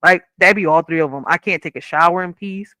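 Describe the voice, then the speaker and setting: A woman in her thirties hosts a podcast, her lowish voice bright, forceful and a little fast, recorded dry. She rambles casually and candidly through her commentary, swearing and often asking "you see where I'm coming from."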